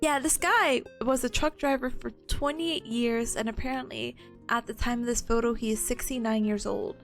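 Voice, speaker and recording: A high-voiced young woman with a hoarse, worn-out voice talks through her study notes. She is bubbly and chatty and giggles easily. Faint music plays in the background. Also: moderate pace. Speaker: streamer reviewing study notes. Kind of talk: casual study stream.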